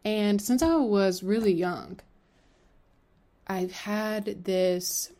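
A woman in her twenties hosts a solo podcast at an unhurried pace. Her talk is candid and rambling, full of fillers and casual swearing, and her pitch sits in a middle range. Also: mellow. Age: 20s. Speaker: podcast host.

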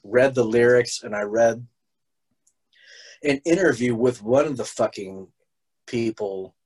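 A man's voice: medium pitch, a little slow, pauses often, darkish tone, husky, low-quality recording. Rambling, profane man chatting casually. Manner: rambling, profane, restarts a lot. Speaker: podcast host. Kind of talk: casual chat.

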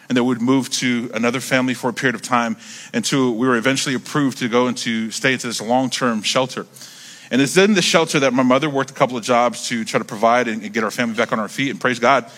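A man in his thirties preaching, telling a story in an animated, conversational way, repeating words as he builds up. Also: medium pitch. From United States. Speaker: pastor. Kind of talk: sermon storytelling.

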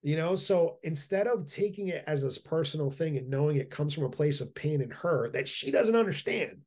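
Middle-aged man, podcast guest, eager, rambling, many restarts, slightly high voice. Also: lively intonation, brisk. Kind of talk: casual podcast conversation.

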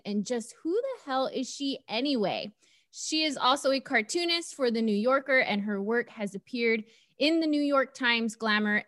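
A woman hosting a podcast, gushing and excitable in casual interview chat, with casual swearing. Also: on the high side, dry recording, clean studio sound. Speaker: podcast host.

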